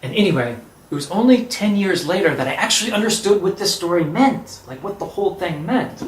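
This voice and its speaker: A man telling a personal story, lively and acting out the dialogue. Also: high voice, a little fast, echoey room, low-quality recording. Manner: animated, acts out quoted dialogue.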